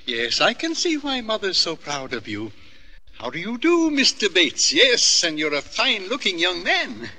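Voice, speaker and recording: An actor playing a timid, lonely elderly lodger who speaks politely and haltingly with many hesitations. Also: male voice, high voice, huge pitch swings, pushed and bright, exaggerated voice. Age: older.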